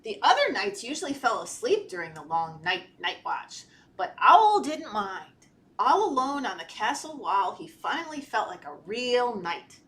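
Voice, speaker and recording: A children's librarian reads a storybook to toddlers in a high, bright voice, slow and very sing-song. She is playful and animated, stopping to ask the little listeners questions. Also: a little hiss or hum. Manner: animated, talks to children, gasps and laughs. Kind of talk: storytime read-aloud.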